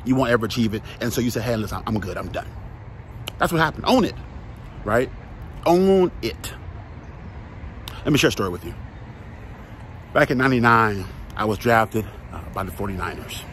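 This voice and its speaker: A man's voice: medium pitch, lively intonation, moderate pace, pauses often, a bit bright, a little hiss or hum. A man, a former football player, giving an emphatic motivational talk, repeating key phrases and asking the listener direct questions.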